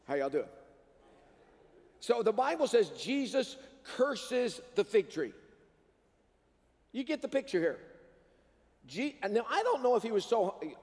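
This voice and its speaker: A man's voice: high voice, expressive, unhurried, pauses often, darkish tone. A male pastor preaching a sermon in a large church sanctuary. He preaches with animation and prompts the congregation to answer back. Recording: long reverb of a church hall.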